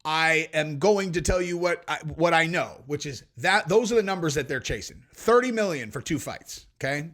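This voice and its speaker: A man hosting a podcast, telling stories and commenting in a brash, animated, profane way. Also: a little high, moderate pace, hardly any pauses. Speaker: podcast host.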